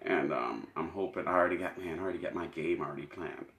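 A man's voice: very deep voice, fast, fairly bright tone, echoey room. A man co-hosting a podcast, chatting casually and crudely, rambling, joking and often laughing. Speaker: podcast co-host.

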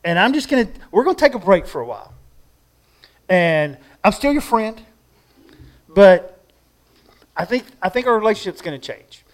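A preacher acting out Jesus as a grown man, speaking one to one in an earnest, personal way, plain-spoken and direct. The voice sits notably high for a man. It is a sermon illustration delivered as an intimate conversation rather than a grand pronouncement. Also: very animated, moderate pace, long pauses. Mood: disappointed. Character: imagined Jesus, adult man, speaking to a listener.

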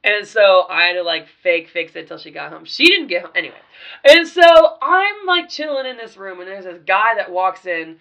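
A woman guest on a podcast, casually telling party stories in a profane, animated way with sudden loud bursts. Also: medium pitch, normal speed. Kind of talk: casual storytelling chat.

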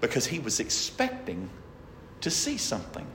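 A man preaching a sermon with emphasis, swinging from shouts to very quiet passages. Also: huge pitch swings, normal speed, recorded from a distance, noisy background. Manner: emphatic, rising to shouts then dropping very low. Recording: echoey hall with long reverb.

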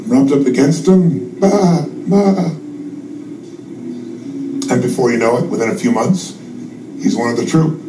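A man's voice: mid-range voice, background noise. Guy telling a swear-heavy motivational fable, far off in an echoey room, faint music under it. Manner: profane, building to shouting. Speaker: motivational speaker. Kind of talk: storytelling pep talk.

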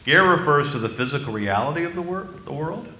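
A man preaching a sermon as pastor, emphatic and slowing down for key phrases while asking the congregation questions. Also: a little high, lively intonation, pushed and bright, reverberant.

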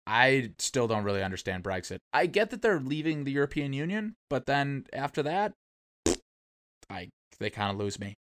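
A man's voice: medium pitch, sing-song, normal speed, a bit bright. A young man in casual chat as a podcast co-host, laid-back and joking.

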